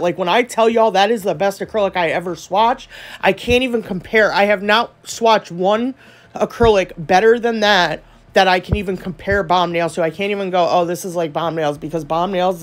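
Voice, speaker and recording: Gushing, chatty woman nail vlogger. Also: mid-range voice. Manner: gushing, chatty, many fillers. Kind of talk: casual product review.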